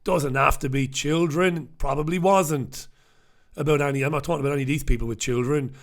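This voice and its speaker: Ranting, gravelly man. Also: on the high side, fairly even intonation, fairly quick. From north of England. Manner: ranting, blunt and sweary. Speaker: radio host. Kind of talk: newspaper review monologue. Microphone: talking close into two microphones.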